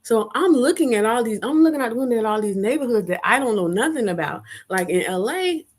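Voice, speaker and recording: A woman's voice: fairly high pitch, quick pace. A woman hosting a casual live chat, telling a rowdy story, swearing freely and acting out what people said. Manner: animated, rowdy, swears freely, acts out quotes. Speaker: vlogger, live chat host. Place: home in Chicago.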